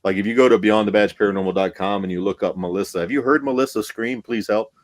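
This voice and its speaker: A man appears as a paranormal investigator guest on a casual podcast, telling a story excitedly with plenty of profanity and fillers. His voice is on the low side and he speaks quickly.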